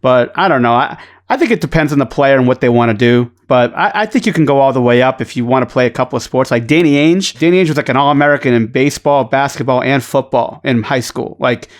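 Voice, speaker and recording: Fast-talking Boston man, podcast guest, cursing and joking, mid-pitched. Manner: fast, profane, joking, repeats words when starting. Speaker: podcast guest, basketball coach. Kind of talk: casual podcast chat.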